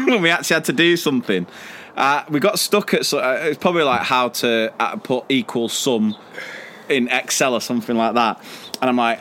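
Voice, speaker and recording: Bright-voiced English podcast co-host, rambling. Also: male voice, medium pitch, expressive, normal speed, slight background noise. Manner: rambling storyteller, laughs often, many fillers and restarts. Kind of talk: casual chat.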